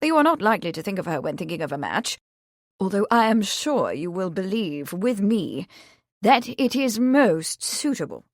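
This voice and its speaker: A woman reading an audiobook, voicing a confident young gentleman who speaks in a measured, formal way. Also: medium pitch, sing-song, no room sound, clean studio sound. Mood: pleased.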